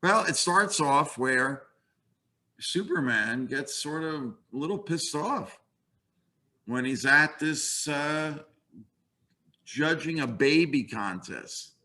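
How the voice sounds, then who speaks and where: An older man in his sixties giving a relaxed, conversational webinar lecture, with a wry aside now and then. He speaks slowly, with a bright, forceful voice pitched a little high.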